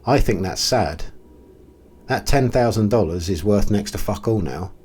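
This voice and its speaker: A man with a low, slightly husky voice talks to camera in a casual commentary video. He sounds blunt and exasperated, stopping for ums and restarting his sentences. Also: animated, measured pace, darkish tone. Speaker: crypto video host.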